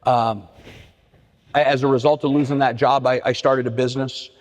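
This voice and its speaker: In a church meeting hall, a middle-aged AA speaker tells his personal recovery story in earnest, often restarting and repeating words. His voice is medium-pitched and steady at a normal speed, and the hall adds reverb.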